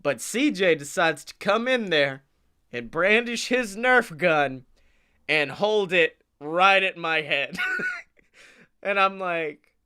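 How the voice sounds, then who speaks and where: A man co-hosting a comedy podcast, telling animated stories, acting out quotes and laughing often. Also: sits high, slow, clean tone. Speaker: podcast co-host. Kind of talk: casual comedic storytelling.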